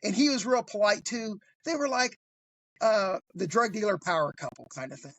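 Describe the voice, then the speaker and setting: A man telling a crime story on a podcast, animated and swearing freely, acting out the other voices as he goes. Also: sits high, moderate pace, no room sound. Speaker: guest storyteller.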